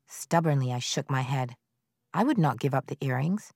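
A woman narrating a novel in the first person, in a measured, quiet storytelling manner. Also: extremely low pitch, lively intonation, breathy edge, no room sound, studio quality. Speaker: audiobook narrator.

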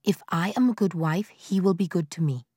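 A woman's voice: fairly low pitch, normal speed, warm tone, breathy edge, no echo, clean studio sound. Woman voicing a young, earnest bride-to-be girl.

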